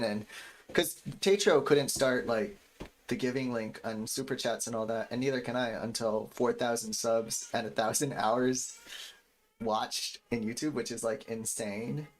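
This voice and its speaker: Speaking at a measured pace in a mid-range voice, this music producer in his thirties keeps up loose, rambling chat with his stream audience. He's making a beat, and faint music can be heard behind him.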